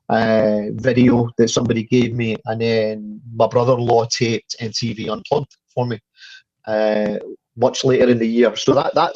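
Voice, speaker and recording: A man's voice: medium pitch, dry recording. Scottish man, fifties, interview guest, eager storyteller, stumbling restarts, muffled lo-fi sound. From Scotland. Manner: animated storyteller with many stuttered restarts and swearing. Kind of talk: casual interview chat.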